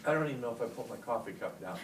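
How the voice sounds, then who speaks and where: Middle-aged man, live talk, storytelling, lively pitch, echoey hall, background noise. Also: racing. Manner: animated storyteller, rises loud for punch lines. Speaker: speaker for teachers and parents. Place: large hall with audience. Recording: echoey hall, distant mic, noisy.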